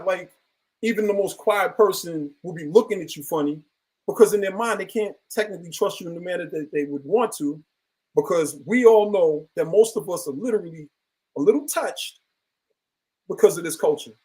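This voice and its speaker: A man's voice: high voice, fairly quick, darkish tone, poor audio. A man in casual discussion, talking in an earnest, reflective and rambling way.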